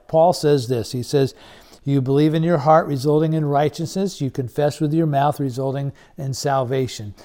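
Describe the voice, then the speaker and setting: A man's voice: on the high side, dark tone. A man preaching a sermon, reading scripture aloud with earnest emphasis and speaking directly to his listeners. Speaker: pastor.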